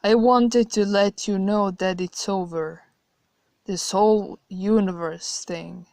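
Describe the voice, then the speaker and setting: A woman's voice: mid-range voice, steady tone, slow pace, darkish tone, no room sound. A woman reading a horror story, voicing an old white-haired godlike man who talks in a teasing, flippant way. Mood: casual. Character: old white-haired male godlike being, mocking and cruel.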